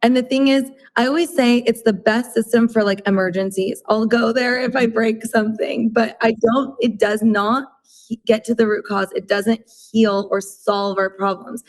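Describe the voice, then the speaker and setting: A woman's voice: fairly high pitch, steady tone, moderate pace. A woman guest on a casual podcast, explaining earnestly and peppering her talk with "like" and "you know".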